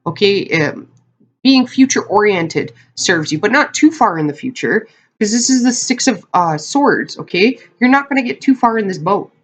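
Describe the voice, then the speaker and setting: A woman's voice: mid-range voice, expressive, normal speed. A woman giving a casual tarot card reading to her viewers, talking in a chatty, rambling way with lots of fillers and asides. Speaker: tarot reader.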